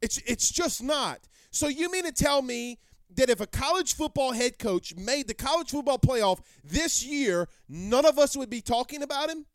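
A man's voice: very high voice, expressive, moderate pace, no echo, studio quality. A man hosting a live sports talk show, brash and rambling, repeating himself as he answers viewer comments.

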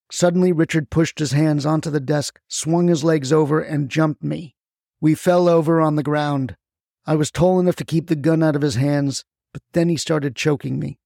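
Gravelly man narrating a story. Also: a little high, fairly even intonation, moderate pace, darkish tone, no room sound, studio quality. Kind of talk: scripted first-person story narration.

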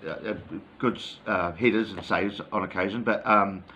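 A man's voice: on the low side, steady tone, moderate pace, bright, forceful tone, muffled recording, slight background noise. A man co-hosting a casual football chat, easygoing and hesitant, with many ums and yeahs. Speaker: football podcast co-host. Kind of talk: casual match review chat.

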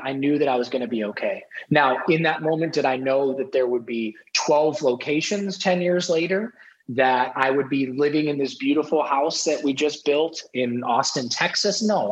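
A middle-aged man, a podcast guest, telling a personal story in an animated way and acting out the dialogue. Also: fairly high pitch, moderate pace, dull audio. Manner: animated, acts out quoted dialogue.

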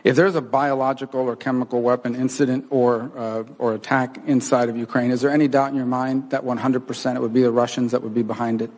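A man's voice: mid-range voice, flat delivery, fast talker, hardly any pauses, a little mellow. A man questioning a witness at a hearing, asking direct, pointed questions. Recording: archive hearing audio in a reverberant room.

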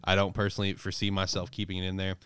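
A man's voice: low voice, very fast, clear, resonant tone, dry recording, studio quality. Profane, rambling man recapping a manga. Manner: profane, rambling, animated storytelling. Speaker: podcast host reviewing manga. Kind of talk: casual chat.

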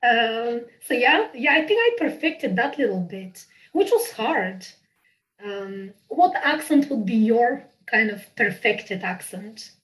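A woman whose first language is not English, chatting as an improviser guest over a video call, animated and quick to laugh. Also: fairly high pitch, low-quality recording. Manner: animated, gushing, laughs often. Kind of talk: casual interview chat.

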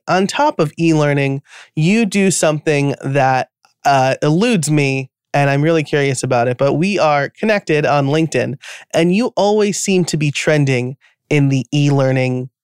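A man's voice: fairly high pitch, smooth, no room sound, clean studio sound. A man with a New York accent hosting a podcast, chatting casually with lots of fillers and self-deprecating asides. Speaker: podcast host.

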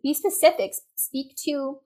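A woman's voice: high-pitched, a little slow, darkish tone. A woman guest giving copywriting advice in a casual, chatty way, peppering her talk with "like" and "you know". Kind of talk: casual interview chat.

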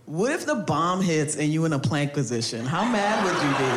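A woman's voice: lowish voice, big pitch swings, moderate pace, hardly any pauses. A woman doing a stand-up comedy set on stage, brash and profane, laughing through her punchlines. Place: comedy stage before a live audience. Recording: roomy club sound with crowd noise.

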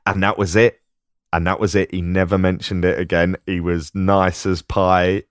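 A middle-aged man with a London Cockney accent, co-hosting a podcast, spins anecdotes and laughs along as he goes. His voice sits very low and is recorded close and dry. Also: little pitch movement, normal speed, dry recording. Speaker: podcast co-host. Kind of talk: casual chat, storytelling.

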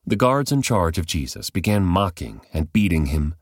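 A man reading a Bible passage aloud as measured, scripted narration. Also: low voice, very animated, slightly rough, dry recording, studio quality. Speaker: Bible reader.

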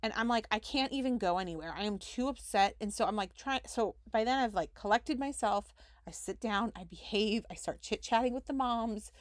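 A woman's voice: fairly high pitch, moderate pace, dry recording. Young woman, podcast host, casual storytelling, lots of "like", acts out dialogue, dry close mic. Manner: chatty, heavy use of "like", reenacts conversations.

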